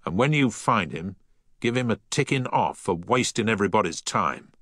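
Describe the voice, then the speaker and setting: A man's voice: lowish voice, animated, moderate pace, fairly bright tone, no echo, clean studio sound, pitched above the performer's own voice. A man voicing a curt, dismissive dockyard foreman in a story reading. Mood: blunt.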